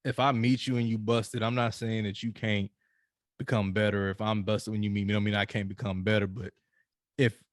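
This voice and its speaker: A man's voice: fairly low pitch, level tone, fairly quick, dry recording. Chill podcast host guy, laughs a lot, dry close sound. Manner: laid-back, laughing, loose slang. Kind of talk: casual podcast chat.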